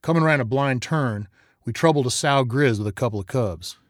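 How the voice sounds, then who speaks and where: A man's voice: medium pitch, a little fast, no room sound, clean studio sound, natural voice. Terrified frontier boy with a rural Old West drawl, breathless and frantic, put on by a male narrator. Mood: shaken, rambling.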